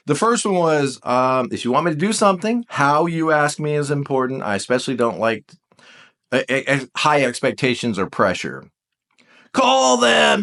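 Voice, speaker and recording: A man teaching viewers in a casual talk straight to the camera, animated and full of rhetorical questions aimed at his audience. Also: a little high. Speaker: personality coach.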